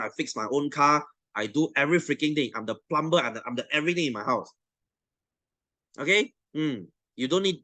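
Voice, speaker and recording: A young adult man with a Malaysian English accent teaches a science class as a tutor, ranting at his students in a blunt, swearing, teasing way. His voice is medium-pitched with a sharp tone and no echo.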